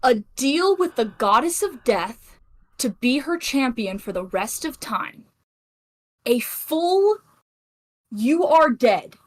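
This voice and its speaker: A woman's voice: sits high, sing-song, slow pace. A woman guest in a casual fan discussion, emphatic and emotional, swearing as she recaps.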